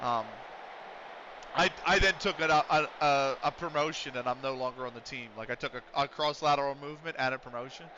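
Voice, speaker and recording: Rambling, bright-voiced man streaming. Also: mid-range voice, brisk, dull audio, a little hiss or hum. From United States. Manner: rambling and chatty, casually swearing. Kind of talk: casual chat while streaming a game.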